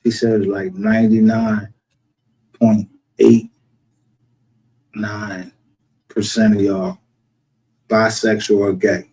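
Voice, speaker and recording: A man holds forth on a casual livestream, his voice husky and a little rough. He talks in a profane, heated, rambling way, jumping from one callout to the next with a confrontational edge. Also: lowish voice, little pitch movement, unhurried, a little mellow, low-quality recording. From northern United States. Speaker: streamer. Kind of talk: casual ranting livestream commentary. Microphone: home streaming setup.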